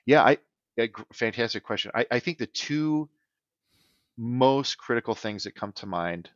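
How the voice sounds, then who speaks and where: A man's voice: medium pitch, expressive, moderate pace, fairly bright tone, no room sound, highs cut off. A man who works as a business transition advisor, answering podcast interview questions in an earnest way and often checking in with "right?".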